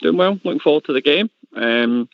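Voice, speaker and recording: A man's voice: fairly high pitch, lively intonation, brisk, creaky, dry recording. A man with a Scottish accent calling into a fan show, easygoing and saying mate a lot. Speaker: caller. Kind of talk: casual call-in chat. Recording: dry, lo-fi call audio.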